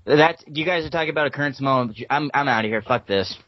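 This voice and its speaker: A man's voice: medium pitch, quick pace, no room sound. A man co-hosting a casual podcast, ranting and sarcastic. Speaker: podcast co-host. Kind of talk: casual chat. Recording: dull lo-fi sound.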